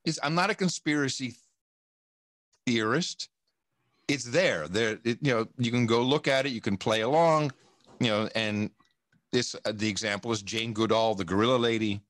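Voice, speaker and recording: A man's voice: mid-range voice, moderate pace, fairly bright tone, dry recording. Rambling, profane man in a dry room. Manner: profane, rambling and emphatic, with many restarts. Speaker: podcast guest. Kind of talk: casual conversation.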